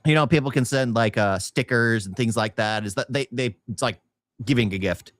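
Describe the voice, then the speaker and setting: A man's voice: mid-range voice, normal speed, dry recording, clean studio sound. A married man co-hosting a casual podcast, chatty and laughing often. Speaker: podcast co-host. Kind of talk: casual chat.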